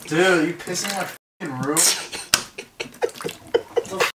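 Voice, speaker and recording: A man's voice: high voice, fairly even intonation, slow. Blunt, irritated young man in an echoey room. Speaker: friend whose room it is. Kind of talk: casual chat. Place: his bedroom indoors. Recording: echoey, very noisy room recording.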